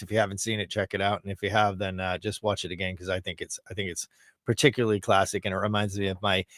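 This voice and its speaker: A man's voice: lowish voice, dry recording, studio quality. A man hosting a livestream, chatting casually between clips in a loose, rambling, profane way. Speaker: livestream host. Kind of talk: casual chat.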